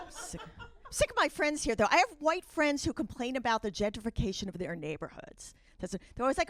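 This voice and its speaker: A woman doing a stand-up comedy set with a brisk, conversational delivery and wry asides. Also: a little high, big pitch swings. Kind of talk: stand-up set, then a short chat with the host.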